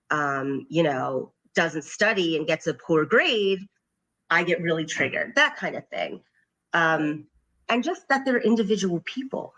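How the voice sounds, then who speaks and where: A woman's voice: low-pitched, a bit bright. A middle-aged woman, a parent coach, talking earnestly and reflectively in a podcast interview, often quoting what she says to her children. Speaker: guest, parent coach and occupational therapist.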